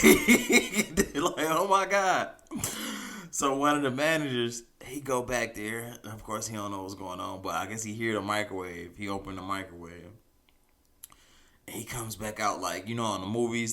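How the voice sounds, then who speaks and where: A man hosting a podcast, telling a story casually and animatedly, often chuckling as he goes. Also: on the low side. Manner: animated, chuckling, loose conversational delivery. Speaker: podcast host.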